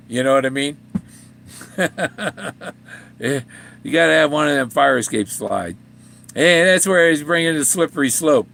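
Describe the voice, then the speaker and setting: A man's voice: a little high, creaky, a bit bright. An older man in a rambling, casual monologue, laughing often and restarting his sentences as he vlogs about a treasure hunt. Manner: rambling, with frequent chuckles and restarts. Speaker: treasure hunt author and vlogger.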